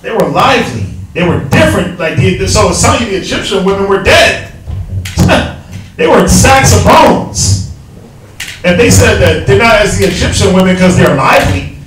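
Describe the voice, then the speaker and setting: A man teaching scripture to a group in a slangy, animated way, full of rhetorical questions. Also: sits high, moderate pace, over music. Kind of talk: street preaching. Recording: echoey hall from far off.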